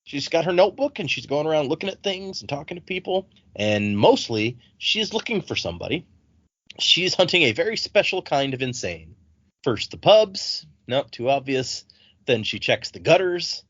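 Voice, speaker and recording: A man retelling a book's chapters for his podcast co-hosts, slipping into little voices for the quotes. His pitch moves around a lot. The recording is dry and a bit dull. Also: moderate pace, no room sound. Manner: animated retelling, reads quotes in put-on voices. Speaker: podcast co-host. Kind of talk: casual book discussion podcast.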